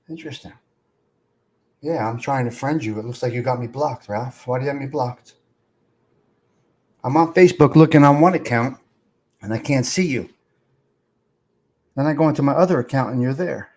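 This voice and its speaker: A man's voice: medium pitch, normal speed, long pauses, darkish tone. A man hosting a casual live stream, rambling and swearing as he talks to viewers in the comments.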